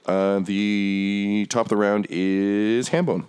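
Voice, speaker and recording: A man's voice: on the low side, steady tone, slow pace, a little mellow, clear, resonant tone. A man narrating a tabletop game as game master, casual and laid-back with lots of fillers.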